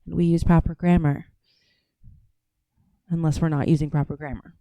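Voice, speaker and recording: A woman's voice: deep voice, fairly even intonation, moderate pace, mellow, no echo. Blunt, profane woman podcast host. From Atlanta, US. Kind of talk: casual commentary on played clips.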